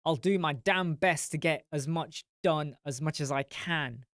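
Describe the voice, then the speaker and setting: A man with an English accent that mixes northern and southern, hosting a live stream chat and answering viewer comments in a blunt, animated way that swears freely. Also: on the high side, no echo, studio quality. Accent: English, mix of northern and southern.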